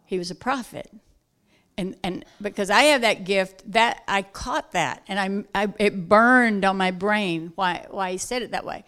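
A woman from South Georgia, telling a personal story in casual talk, animated and acting out the voices of the people in it. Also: mid-range voice, unhurried. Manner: animated, acts out quoted voices loudly, laughs while telling. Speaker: guest telling a testimony.

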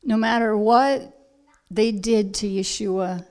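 A woman preaching a sermon, emphatic and unhurried, with soft quiet asides. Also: mid-range voice.

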